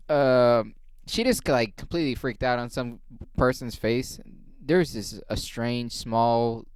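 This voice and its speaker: Man riffing solo, profane and wry, smooth voice, dry close sound. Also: mid-range voice, no room sound. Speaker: comedian and podcast host. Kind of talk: casual comedic monologue.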